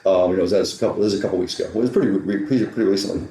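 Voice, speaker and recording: Fast-talking man telling a coaching story. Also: deep voice, dark tone, a little hiss or hum. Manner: retells conversations with quick back-and-forth dialogue. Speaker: golf teaching professional. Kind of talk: storytelling in a podcast interview. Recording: roomy echo.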